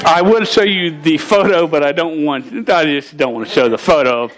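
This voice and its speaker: A man in his thirties preaching a sermon to a congregation, telling a personal story with humor, animated and stammering at times. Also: on the high side, normal speed, crowd noise, rough recording. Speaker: pastor.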